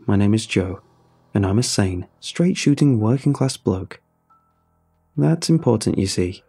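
A man tells a first-person tale in a dramatic, wry way, his low voice gravelly and husky. His delivery swings widely in pitch, and quiet music plays underneath. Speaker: narrator. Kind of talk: first-person horror story narration. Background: soft music.

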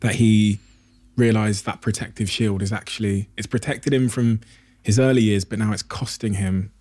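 A man hosting a podcast, asking long, measured questions and retelling stories to set them up. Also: on the low side, fairly even intonation, darkish tone. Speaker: podcast host interviewer. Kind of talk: in-depth interview questions.

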